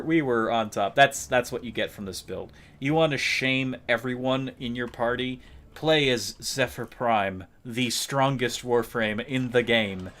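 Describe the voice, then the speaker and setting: A man's voice: mid-range voice, unhurried, fairly bright tone. Brief: a chatty male streamer walking viewers through his build, casual and explanatory. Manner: chatty, explains game builds while playing. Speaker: game streamer. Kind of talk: casual live-stream commentary.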